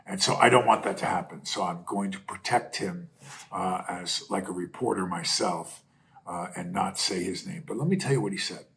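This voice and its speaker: A middle-aged man hosting a commentary show, telling a story in a blunt, profane way that builds to shouting bursts. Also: low voice, moderate pace, vocal fry, poor audio. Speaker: podcast host and commentator. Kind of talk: casual monologue commentary.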